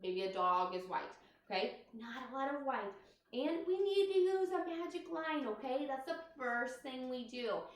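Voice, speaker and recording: A woman with a high, animated voice teaches young kids to write in a recorded lesson, speaking at normal speed. Her kindergarten-teacher delivery is sing-song and heavily inflected, and the distant mic catches a lot of echo from the room.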